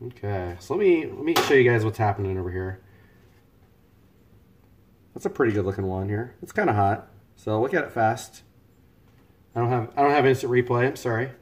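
A man's voice: medium pitch, expressive, fairly quick, long pauses. A man cooking live in his home kitchen on a headset mic, joking and rambling as he chats with viewers. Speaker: live-streaming home cook. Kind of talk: casual live-stream chat.

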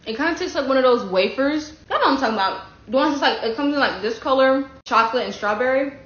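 A woman from the United States in a casual comedic vlog, brash and profane, jumping from loud outbursts to low muttering. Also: expressive, fast talker. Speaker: comedy creator. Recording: echoey room, dull lo-fi sound.

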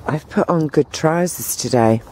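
A woman talking to the camera on an outdoor walk, meandering with many pauses and fillers. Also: sits low, a little mellow, slight background noise. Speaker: vlogger. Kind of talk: rambling walk-and-talk vlog.

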